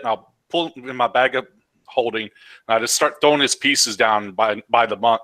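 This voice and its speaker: A man's voice: medium pitch, normal speed, sharp tone, no echo. A man playing a tabletop game, talking hesitantly with many fillers. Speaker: player.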